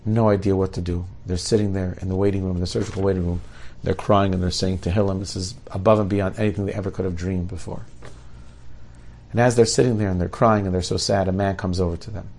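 A middle-aged man telling a story in an animated, lively way. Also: sits low, quick pace, slight background noise. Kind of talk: oral storytelling.

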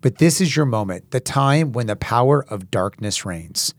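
Jesus, calm and solemn, as a man reads him. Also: medium pitch, dry recording, lightly acted. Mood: challenging. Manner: measured, solemn scripture reading. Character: Jesus, a calm grown male teacher. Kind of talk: Bible reading.

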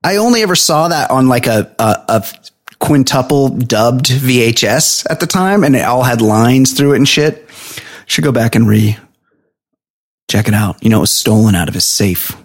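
A man's voice: mid-range voice, expressive, moderate pace. A man co-hosting a podcast, chatting casually with crude jokes and banter. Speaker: podcast co-host. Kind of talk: casual comedic chat.

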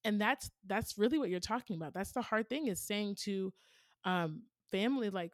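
A woman's voice: mid-range voice, normal speed, no echo, clean studio sound. A woman in her thirties, a podcast host giving casual parenting advice in an earnest, storytelling way with lots of "like" and "right?". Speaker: podcast host answering a listener question.

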